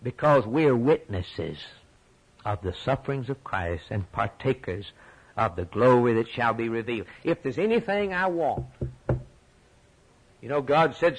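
A man preaching a sermon with passion, dropping low and quiet, then rising high and loud on key points, often repeating words. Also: expressive, a little slow, slightly rough, poor audio. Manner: repeats words when stirred.

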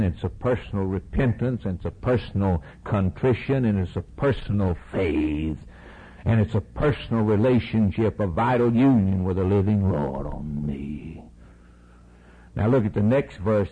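A man preaching an impassioned sermon, swinging between shouted peaks and hushed, intimate lows. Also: slightly rough, phone-quality sound.

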